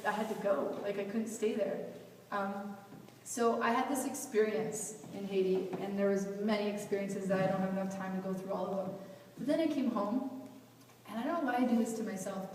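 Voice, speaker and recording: A young woman tells a personal story to a youth audience, animated and slipping into the voices of the people she quotes. Her mid-pitched voice reaches the mic from far off. It rings around a big, echoey hall with a faint hum behind it. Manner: animated, acts out quoted dialogue. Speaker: youth event speaker. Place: event hall.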